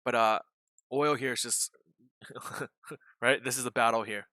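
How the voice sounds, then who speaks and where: A man runs a live trading stream in a bright, forceful voice. The sound is dry and close. He jokes, rambles and swears freely while explaining indicators. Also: medium pitch, fairly even intonation, unhurried, no echo. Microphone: desk microphone.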